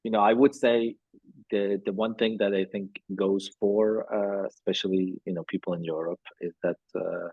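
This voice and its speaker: A man, an economist and interview guest, speaking softly over a video call and hedging his points with "you know" and "I think". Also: on the low side, flat delivery, normal speed, slightly rough, no room sound, phone-quality sound. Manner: soft-spoken, many "I see" acknowledgments.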